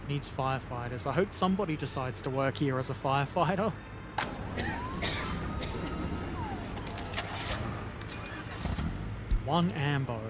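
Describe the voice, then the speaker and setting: A man's voice: on the high side, huge pitch swings, drawn-out words, long pauses, noisy background. A man casually commenting while playing a video game, rambling and joking to himself as he goes. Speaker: gaming video host. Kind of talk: casual let's-play commentary.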